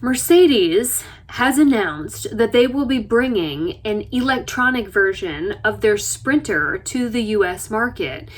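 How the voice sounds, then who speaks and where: A woman vlogger from the United States talking in a chatty, self-deprecating way, telling stories with lively asides. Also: a little high, measured pace, hardly any pauses, soft background music. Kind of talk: casual chat. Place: RV interior.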